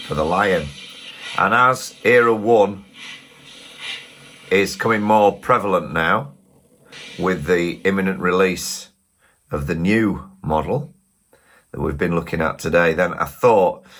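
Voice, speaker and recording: A man's voice: deep voice, takes it slowly, long pauses, fairly bright tone, a little hiss or hum. A middle-aged man with a Yorkshire accent, hosting a model railway channel and chatting through a casual product review, rambling and asking viewers questions.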